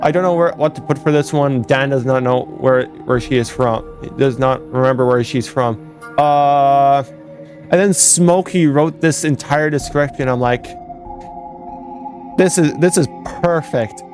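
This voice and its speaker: A man's voice: mid-range voice, steady tone, moderate pace, darkish tone, faint music behind. A young man, a fan game developer, casually commenting over footage, rambling and correcting himself as he goes. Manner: rambling, self-correcting, laughs at own jokes.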